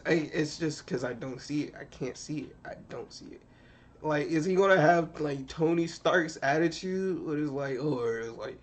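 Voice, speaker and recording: A young man streaming from his computer, ranting in an animated, profane, skeptical way, full of restarts. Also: a little high. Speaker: streamer reacting to movie news. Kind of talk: casual rant on stream.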